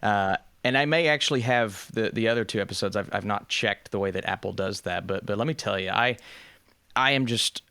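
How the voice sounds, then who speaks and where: A man's voice: on the low side, a little fast, bright, forceful tone, clear, resonant tone, no echo. A man chatting enthusiastically as a guest on a movie podcast, laughing often. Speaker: guest youtuber. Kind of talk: casual podcast chat.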